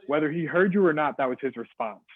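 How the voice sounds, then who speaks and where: A man's voice: a little high, quick pace, no echo. Man speaking over a tinny video call. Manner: energetic, checks in often with the audience. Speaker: guest speaker on service and leadership. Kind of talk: interactive webinar presentation.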